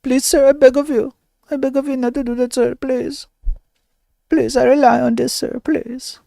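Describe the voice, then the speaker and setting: A man's voice: very high-pitched, level tone, moderate pace, creaky, dark tone, no room sound, clean studio sound, voice pushed up. A man voicing a male cybercriminal who pleads in a whiny, comic way. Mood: begging. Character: whiny male cybercriminal begging not to be arrested.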